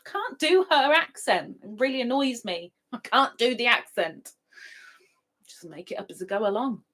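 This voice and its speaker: Hosting a relaxed live stream, a middle-aged woman reads out messages from the chat, singing viewers' names back playfully. She sounds animated, with a fairly high, fairly bright voice at a normal speed.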